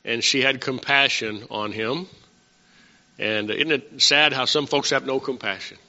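Guy preaching to the church, asks folks questions, raspy fry, echoey hall, kinda dull recording. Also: mid-range voice, a little slow, sharp tone. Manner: conversational, asks the congregation questions. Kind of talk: sermon teaching.

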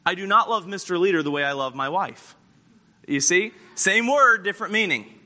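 A male pastor preaching a story-driven sermon with an animated delivery. His voice sits high for a man and sounds very bright and forceful. He swings between lively and hushed as he brings the story to life. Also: normal speed. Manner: animated, acts out the scripture scenes.

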